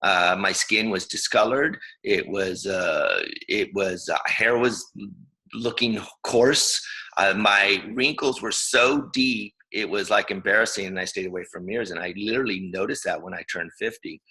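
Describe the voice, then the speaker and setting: A man's voice: lowish voice, moderate pace, bright, forceful tone, low-quality recording. A man in his fifties giving a casual, enthusiastic training talk, rambling with restarts. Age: 50s. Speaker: co-host.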